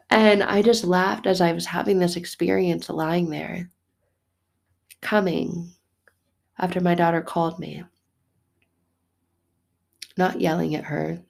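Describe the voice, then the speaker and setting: A woman in her thirties telling a personal faith story as a mother, casual and animated, with laughing, mock-exasperated asides. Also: fairly low pitch, gravelly. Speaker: mother sharing a faith reflection. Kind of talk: casual spoken reflection.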